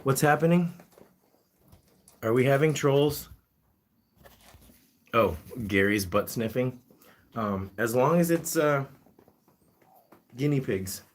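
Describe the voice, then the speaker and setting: A man's voice: medium pitch, animated, slow pace, long pauses. A man hosting a casual live-stream chat, reading viewer comments and talking to his guinea pigs. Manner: chatty, reads comments aloud, talks to his pets.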